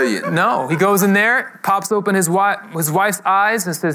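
A man's voice: high-pitched, moderate pace, vocal fry, few pauses, pushed and bright. A man preaching a sermon, telling a story and acting out the quoted voices of the people in it. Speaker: pastor.

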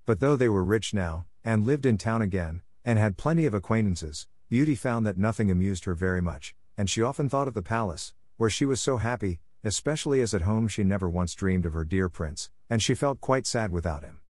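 Man reading a fairy tale, low-voiced. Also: lively intonation, a little fast, few pauses, a little mellow, no echo, clean studio sound. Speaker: narrator. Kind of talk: storybook read-aloud.

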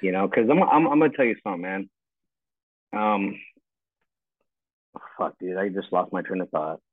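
A man's voice: low voice, lively intonation, moderate pace, no room sound. A man in his forties, a retired army first sergeant, ranting bluntly and with plenty of swearing in casual chat over a call from home. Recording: tinny phone-like call line.

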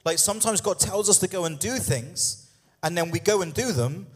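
A man's voice: high voice, moderate pace, slightly rough. A man preaching a sermon in a conversational way, with humorous asides and frequent "yeah?" and "okay?" check-ins. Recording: long hall reverb.

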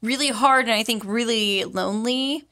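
A woman's voice: fairly high pitch, normal speed, pushed and bright. A woman co-hosting a podcast, talking through ideas in a casual, reflective way. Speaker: podcast co-host.

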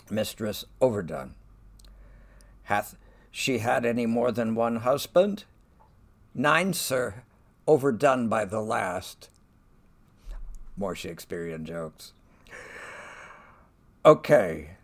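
A man lecturing on a play in an unhurried, reflective way, lifting his voice when he reads quoted lines. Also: low-pitched, creaky. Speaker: podcast lecturer on literature. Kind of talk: lecture with dramatic reading.

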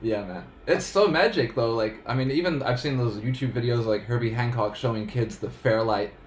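A man's voice: medium pitch, normal speed. A man hosting a casual interview, asking questions with eager, fan-like enthusiasm. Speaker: interview host. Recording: echoey room with faint noise.

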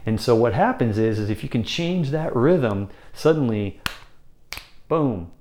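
A man's voice: expressive, unhurried, a little mellow, slight background noise. A man teaching how to hold attention, talking conversationally and often repeating phrases for emphasis. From United States. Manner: demonstrates by abruptly shifting pace and pitch. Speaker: sales or speaking coach. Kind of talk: instructional talk to camera.

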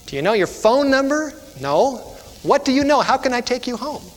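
A man's voice: sits high, quick pace. A preacher voicing a patient male policeman in a story, asking coaxing questions. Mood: exasperated. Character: patient male beat policeman, growing exasperated. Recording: echoey hall, faint music.

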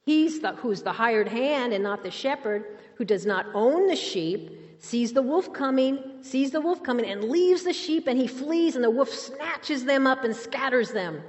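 A woman's voice: high-pitched, animated, measured pace, darkish tone. A woman teaching a Bible lesson from scripture, emphatic and asking her listeners questions. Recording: dull, hall reverb.

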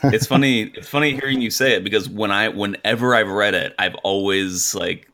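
A man's voice: fairly low pitch, brisk, pushed and bright. A man co-hosting a casual sports podcast, making dry, wry remarks. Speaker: podcast co-host.

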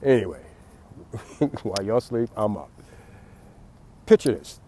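A man's voice: on the low side, sing-song, measured pace, mellow, slight background noise. A man giving a late-night rambling monologue, repeating words and laughing at his own jokes.

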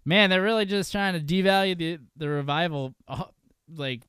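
A man's voice: a little high, moderate pace, a bit bright, clean tone, no echo, clean studio sound. A man hosting a casual podcast chat, loose and profane, laughing often and restarting his sentences. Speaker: podcast host.

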